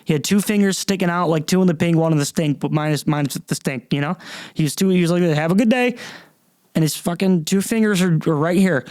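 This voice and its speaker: A man's voice: a little high, fast, a little mellow, dry recording. A young man hosting a podcast, talking casually in a rambling, self-interrupting way with frequent swearing, in front of a camera at his computer. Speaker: podcast host. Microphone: camera and computer at a desk.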